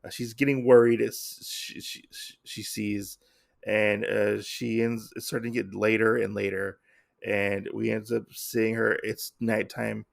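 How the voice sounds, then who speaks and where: Gravelly man recapping a comic. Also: fairly low pitch, level tone, a little slow. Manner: rambling, heavy on fillers. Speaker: comic podcast host.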